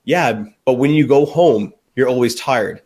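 A man's voice: mid-range voice, a little slow. A man on a panel discussion, energetically telling stories about fathers and acting out their quotes. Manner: energetic, tells stories of dads with acted-out quotes.

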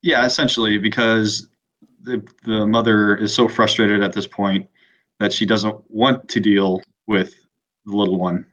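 A man's voice: fairly low pitch, little pitch movement, fairly bright tone. Hesitant male caller on a muffled line. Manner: hesitant, halting. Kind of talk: phone-in conversation.

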